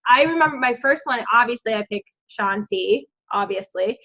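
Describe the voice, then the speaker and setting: Upbeat woman coach, fairly high voice, chatty and encouraging, muffled lo-fi recording. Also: animated, moderate pace, sharp tone. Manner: bubbly and encouraging, lots of "like" and "um". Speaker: team coach leading a group call. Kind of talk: casual pep talk to a team. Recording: dull lo-fi sound.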